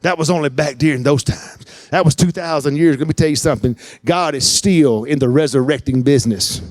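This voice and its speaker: A man preaching a sermon, animated and acting out the voices he quotes. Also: on the high side, fairly quick, no echo. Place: church.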